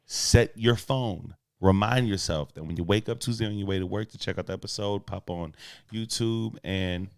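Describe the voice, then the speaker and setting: A man's voice: lowish voice, moderate pace, vocal fry, no echo, studio quality. A man co-hosting a podcast live, chatting casually and playfully with viewers. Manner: playful, laughs often, addresses viewers as y'all. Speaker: podcast co-host. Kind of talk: casual live-stream chat.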